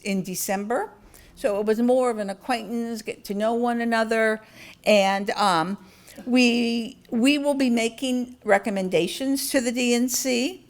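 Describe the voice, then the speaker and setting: Older woman guest speaker, earnest and candid, talking casually with a slightly high voice. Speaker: guest speaker, party official. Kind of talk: talk to a club with audience questions.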